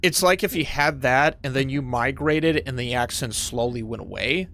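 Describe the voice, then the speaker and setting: A man's voice: mid-range voice, normal speed, gravelly, a little hiss or hum. A man with a Pacific Northwest accent chatting casually and profanely while streaming a game. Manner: profane, excitable, laughs easily. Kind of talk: casual gameplay chat.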